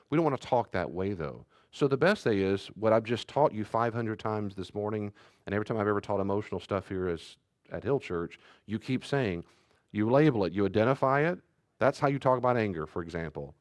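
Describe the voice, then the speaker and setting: A man's voice: fairly low pitch, fairly quick, dry recording, clean studio sound. A pastor giving a conversational sermon, acting out short exchanges between parents and children and sometimes raising his voice for emphasis.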